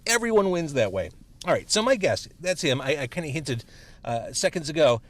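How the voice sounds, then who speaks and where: Animated chatty man host. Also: a little high, brisk. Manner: chatty, playful, animated delivery. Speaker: podcast host. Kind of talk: casual chat in a car over food. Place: parked car.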